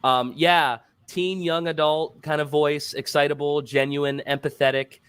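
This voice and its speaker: A man voice actor chatting casually on a stream, animated and rambling, often repeating himself. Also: on the high side, measured pace, clear, resonant tone, no echo. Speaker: voice actor guest.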